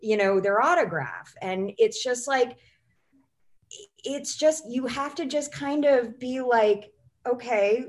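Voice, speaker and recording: A woman's voice: fairly high pitch, animated, slow pace. A woman, a writer and goals coach, talking as a podcast guest and telling long, chatty stories full of "you know" and "like". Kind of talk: casual interview chat.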